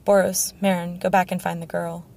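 A cold, imperious queen, snapping curt orders in a low, level voice, read by a woman. Her tone stays flat and controlled. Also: a little fast, vocal fry. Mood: commanding. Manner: curt, commanding.

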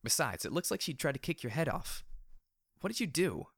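A crude, chatty young mare guard, as a man puts her on speaks in a lifted voice that sits above his own. She talks briskly and casually, swearing freely. Her tone stays dry and close. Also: on the high side, sing-song, creaky, fairly bright tone, husky, no echo, pitched above the performer's own voice, heavily acted.

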